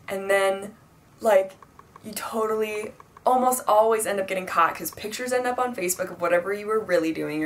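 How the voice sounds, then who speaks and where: Chatty young woman, slightly low voice. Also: fairly bright tone. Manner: chatty, filler-heavy, acts out quoted dialogue. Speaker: vlogger. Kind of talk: casual advice vlog talk.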